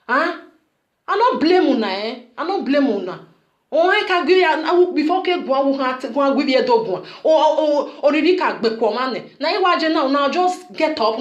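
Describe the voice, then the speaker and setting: Woman vlogger, Nigerian Pidgin accent, high and scolding, in a roomy echo. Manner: scolding, repetitive, rhetorical "huh?". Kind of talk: scolding video message.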